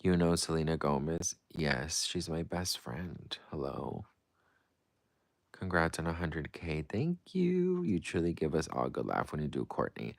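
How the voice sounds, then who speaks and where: A livestream host with a bass voice reads viewer comments and answers them playfully and dramatically, shifting between breezy and gushing. His delivery is sing-song and a little slow with vocal fry, recorded clean in a studio with no room sound.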